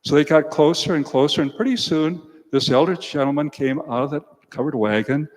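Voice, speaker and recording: A man's voice: on the high side, fairly quick. An older man, a priest, giving a homily in a folksy storytelling way and speaking to the children. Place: church. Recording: church hall reverb.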